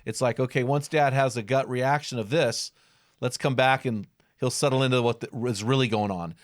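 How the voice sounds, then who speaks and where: A man's voice: medium pitch, fairly even intonation, normal speed, dry recording, clean studio sound. A man hosting a podcast conversation, affirming his guest and reflecting on his own life. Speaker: podcast host.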